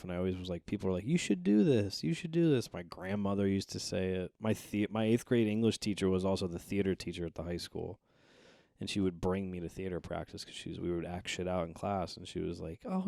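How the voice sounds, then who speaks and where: A hungover young man with a low, gravelly voice tells profane stories on a podcast, jumping into voices for the people in them. The sound is close and dry, with no room echo. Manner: animated, profane, acts out voices in his stories. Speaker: guest stand-up comedian. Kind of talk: casual storytelling chat.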